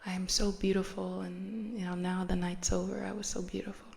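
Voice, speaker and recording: A woman voicing a discontented young wife who longs for luxury, whiny and wistful, with a gravelly edge. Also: mid-range voice, little pitch movement, a little fast, a little mellow, a little hiss or hum, natural voice.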